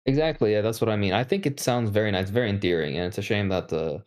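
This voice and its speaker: A man's voice: lowish voice, quick pace, darkish tone. A man with an English accent chatting casually on a podcast, swearing freely and laughing often. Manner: swears freely, giggly, trails off with fillers. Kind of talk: casual chat.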